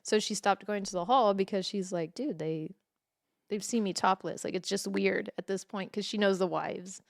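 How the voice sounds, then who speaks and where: A young woman tells stories on a podcast in an animated, profane way, doing the voices of the people in them. Her voice sits at an ordinary pitch and is recorded close and dry, with no room sound. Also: normal speed, creaky, no room sound. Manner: animated storyteller, swears freely, acts out quotes. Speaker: podcast co-host. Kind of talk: casual chat.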